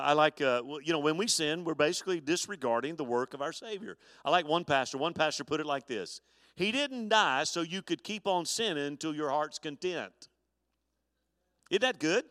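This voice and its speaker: A man's voice: a little high, a bit bright, no room sound, studio quality, in a large hall. A man preaching a live sermon as pastor, folksy, with stammered restarts and chuckles. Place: church sanctuary.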